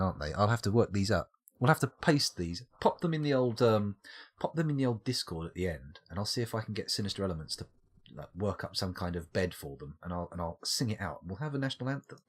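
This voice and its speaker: A man's voice: lowish voice, husky. A man rambling and joking to himself as he streams a game. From United Kingdom. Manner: rambling, jokey, talks to himself. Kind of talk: casual gameplay commentary.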